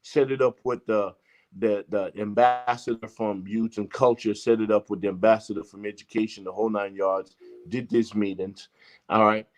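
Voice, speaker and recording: A man's voice: on the low side, steady tone, normal speed, a little mellow. A man from Jamaica, a guest telling a long story in casual, profane talk and acting out the lines of the people in it. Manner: profane, emphatic, acts out quoted exchanges. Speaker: interview guest.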